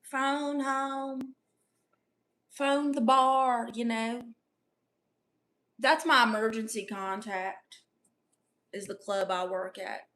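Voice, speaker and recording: Sassy bright-voiced woman comedian. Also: a little high, steady tone, takes it slowly, pauses often. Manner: brash, sassy, playfully boastful. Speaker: livestream comedian reading chat. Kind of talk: comedic in-character livestream chat.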